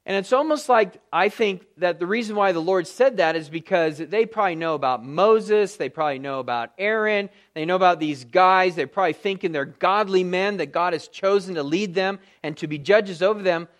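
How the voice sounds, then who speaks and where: High-voiced pastor teaching scripture. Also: male voice, moderate pace, hardly any pauses, a bit bright. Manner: conversational, thinking aloud with fillers and restarts. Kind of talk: verse-by-verse Bible teaching.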